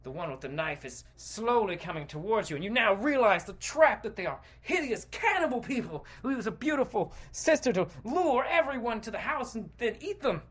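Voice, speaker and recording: A man's voice: high-pitched, very animated, normal speed, few pauses, fairly bright tone, slightly rough. A man hosting a podcast, narrating a comedic guided visualization in a playful, dramatic way with sound effects. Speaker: podcast host.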